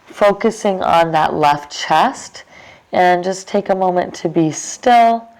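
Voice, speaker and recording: A woman teaching a restorative yoga class, giving calm, unhurried cues with casual fillers. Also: on the low side. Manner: slow, calm cueing with fillers. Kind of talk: guided yoga instruction.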